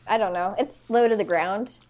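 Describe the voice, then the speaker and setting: A woman co-hosting a podcast, chatting in a relaxed, agreeable way with plenty of fillers. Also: medium pitch, normal speed. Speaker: podcast co-host. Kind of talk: casual chat.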